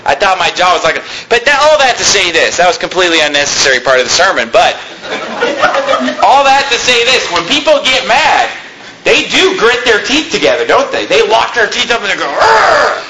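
A man's voice: sits high, a little fast, very noisy. A man preaching a sermon to his congregation, telling a personal story and asking the room questions. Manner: lively storytelling with audience questions. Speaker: pastor.

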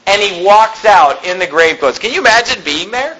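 A man's voice: high voice, lively intonation, normal speed, sharp tone, rough recording. A man preaching a sermon, reading scripture and retelling it in plain, conversational terms with frequent rhetorical questions.

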